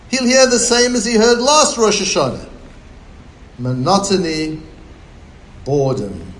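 A man, a rabbi, delivering a sermon in a slow, deliberate way with many rhetorical questions. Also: high voice, low-quality recording.

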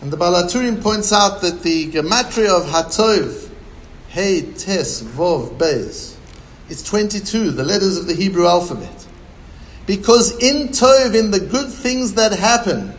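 Slow, high-voiced man giving a sermon. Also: lively intonation, a little hiss or hum, rough recording. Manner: slow, deliberate, many rhetorical questions. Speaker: rabbi.

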